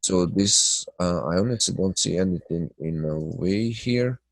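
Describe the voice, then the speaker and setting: A low-voiced man sounds stuffed up and nasal as he hosts a live webinar, chatting and analyzing trading charts unhurriedly. His talk is loose and filler-heavy, broken up by greetings to viewers by name, and the recording is close to the mic, dry and echo-free.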